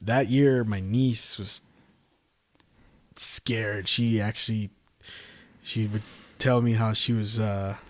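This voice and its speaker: A man's voice: on the low side, fairly even intonation, slow, pauses often, no echo. A man from the San Francisco Bay Area telling a story on a casual podcast, rambling with frequent restarts. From San Francisco Bay Area, California.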